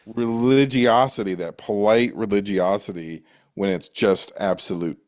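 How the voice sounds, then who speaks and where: A man's voice: lowish voice, steady tone, unhurried, a little mellow. A man appearing as a guest on a podcast, analyzing film characters in casual talk and slipping into mock voices now and then.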